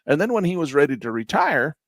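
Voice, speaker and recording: A man's voice: on the high side, big pitch swings, fast talker, vocal fry, a bit bright, no room sound. A middle-aged man teaching a live trading class, blunt and emphatic, repeating points for effect in a folksy way. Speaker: trading instructor.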